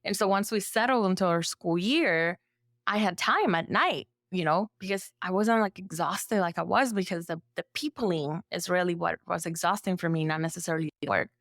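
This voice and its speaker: A woman therapist from El Salvador, speaking as a podcast guest in a relaxed storytelling way, full of "like" fillers and lively acted-out quotes. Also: lowish voice, normal speed, dry recording, clean studio sound. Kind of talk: conversational storytelling.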